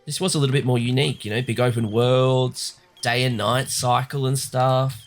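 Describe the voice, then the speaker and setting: A man's voice: mid-range voice, steady tone, normal speed. A man, rambling chattily while commenting on a video game. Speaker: gaming host. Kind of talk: casual let's-play commentary.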